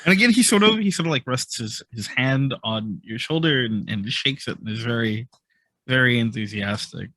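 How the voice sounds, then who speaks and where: A man's voice: mid-range voice, moderate pace, no echo. Man narrating a tabletop game. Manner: animated, descriptive, with many fillers. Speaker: game master.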